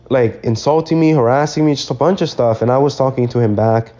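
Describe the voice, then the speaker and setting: A man's voice: medium pitch, brisk, hardly any pauses, dark tone, highs cut off. A young man hosting a podcast alone, telling a story in a rambling, casual way and swearing freely. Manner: rambling, swears freely, loose slangy talk. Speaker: podcast host.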